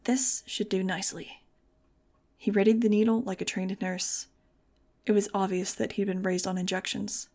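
A woman narrating an audiobook in the first person. Her reading is measured and keeps a flat, even pitch. Her voice sits mid-range.

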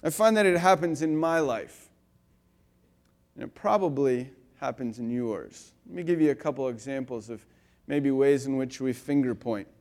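A male pastor giving a conversational sermon, telling stories with lively swings between loud and quiet and filling his talk with "like" and "you know.". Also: mid-range voice, normal speed. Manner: animated storyteller, swinging between loud and soft; casual, with frequent "like" and "you know".

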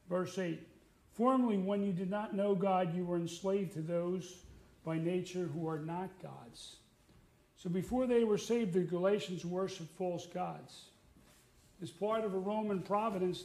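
A man's voice: high-pitched, vocal fry, warm tone. A middle-aged man preaching a sermon in a conversational way, with fillers and restarts. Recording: echoey room.

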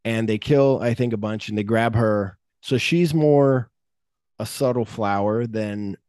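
A man hosting a podcast, retelling a film script in a rambling, animated way and acting out bits of dialogue. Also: on the low side, a little slow, clear, resonant tone, dry recording, studio quality. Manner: rambling, animated plot retelling with acted-out quotes. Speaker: podcast host. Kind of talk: casual podcast chat.

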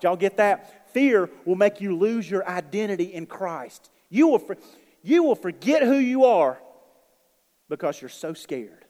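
A man preaching a sermon, telling stories and swinging between quiet asides and loud, emphatic bursts. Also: fairly high pitch, big-room sound. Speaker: pastor.

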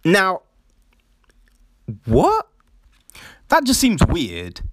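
A man's voice: high-pitched, wildly swooping pitch, extremely slow, no echo, clean studio sound. A man giving casual commentary, mocking and incredulous, swearing often and laughing.

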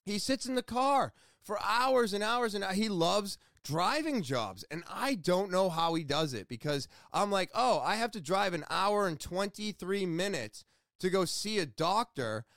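Talkative man, high voice, dry close sound, rambling excitable vlog storytelling, swears a bit. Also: measured pace, vocal fry, no room sound. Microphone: headphones with mic.

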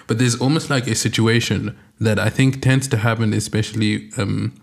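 A man's voice: on the low side, fairly even intonation, moderate pace, creaky. Hesitant male podcast host. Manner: hesitant, filled with "um" and "you know". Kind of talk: interview conversation.

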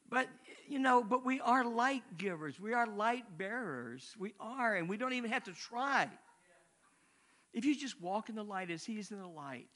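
A man's voice: high voice, lively intonation, unhurried, sharp tone. An older man, a missionary, preaching a sermon in a conversational, rambling way with asides.

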